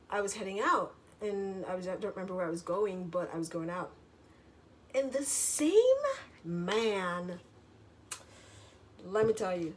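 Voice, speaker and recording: A woman vlogger in a casual storytelling monologue, chatty, full of filler words and casual swearing. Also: mid-range voice.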